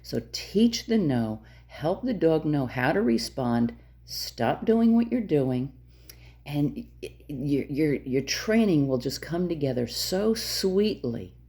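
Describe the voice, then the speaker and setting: A woman dog trainer explains her methods in a direct, emphatic manner, often repeating herself to drive the point home. Her voice sits low and mellow with a gravelly edge. Her pitch swings widely from phrase to phrase. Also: very animated, takes it slowly. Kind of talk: instructional talk to camera.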